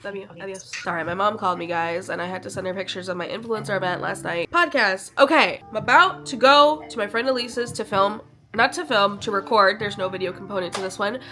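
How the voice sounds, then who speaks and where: A woman's voice: mid-range voice, fairly quick, pushed and bright. A young woman from Chicago, chatting casually and sentimentally to camera in a vlog, full of fillers. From Chicago, USA. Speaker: vlogger.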